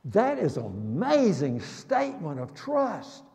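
A man preaching a sermon in a dramatic, emphatic way, slowing down on key words and breaking into sudden loud exclamations. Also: fairly high pitch, huge pitch swings. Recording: long reverb of a large hall.

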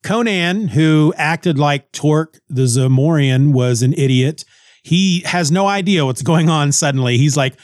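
A man's voice: on the high side, unhurried, no echo, studio quality. Casual wry man recapping a comic. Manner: casual, repeats words, wry. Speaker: comic book reviewer.

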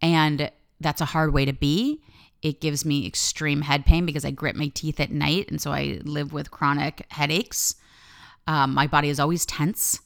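A woman's voice: sits low, little pitch movement, normal speed, creaky. A woman life coach hosting her podcast, giving a candid, reflective personal monologue and swearing freely.

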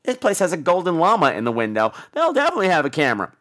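A man hosts a podcast and rants through a bad-movie review with profane sarcasm. His voice sits high and swings widely in pitch, animated throughout. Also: rapid-fire. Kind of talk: comedic movie-review rant.

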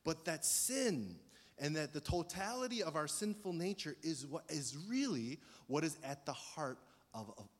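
A middle-aged man preaching a sermon as pastor, conversational and storytelling with animated emphasis. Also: fairly high pitch, moderate pace. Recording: long hall reverb.

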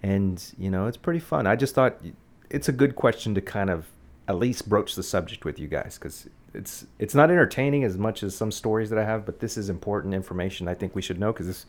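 A woman's voice: very deep voice, a little fast, darkish tone. A woman hosting a casual podcast, rambling and self-mocking with frequent restarts. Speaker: podcast host.

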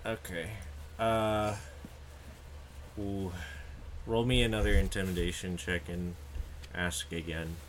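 Low-voiced man running a tabletop game, slow and hesitant. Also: little pitch movement, slight background noise. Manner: soft-spoken, hesitant restarts. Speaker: game master.

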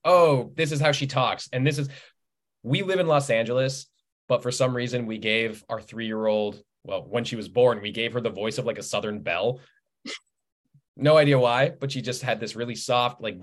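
This is a man in his thirties talking as a guest on a podcast, with a voice pitched right in the ordinary middle range. He tells anecdotes in a lively way and laughs easily. When he quotes people, he acts out their lines. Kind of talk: casual interview chat.

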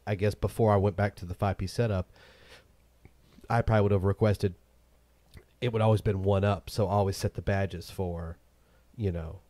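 Low-voiced host guy chatting casually, bit opinionated, dry sound. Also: steady tone, normal speed, pauses often, warm tone, no echo. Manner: opinionated, emphatic asides. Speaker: podcast host. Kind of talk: casual chat.

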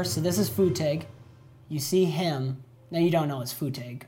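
A woman's voice: low-pitched, moderate pace, warm tone, soft background music. A woman narrating as game master of a tabletop game, chatty and laughing often, with many fillers.

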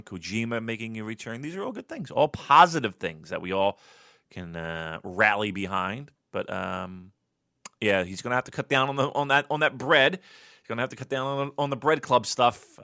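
A man co-hosting a casual podcast, telling profane stories and mimicking his wife in a high voice. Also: gravelly, sharp tone, no room sound, clean studio sound. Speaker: podcast co-host. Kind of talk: casual chat, profane storytelling.

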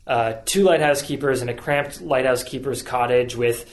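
Halting man explaining his screenplay. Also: mid-range voice. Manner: halting, many restarts and fillers. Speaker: filmmaker guest. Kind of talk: casual interview answers.

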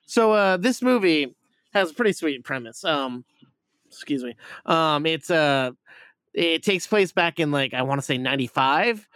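A man's voice: fairly high pitch, expressive, measured pace, a bit bright, no echo, studio quality. A man chatting casually on a podcast, rambling and swearing as he reviews a movie, with lots of fillers. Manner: rambling, profane, full of fillers. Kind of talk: casual chat.

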